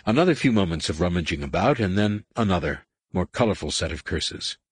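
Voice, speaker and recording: A man narrating an audiobook in a steady, measured way. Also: sits low, husky, no echo.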